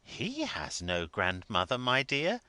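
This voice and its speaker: An obliging clergyman, anxious and a little perplexed, talking earnestly in a lively, bright voice, as a male reader plays him. The recording is dry and close. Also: mid-range voice, slow pace, dry recording, full character voice. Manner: earnest, hesitant. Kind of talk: audiobook character reading.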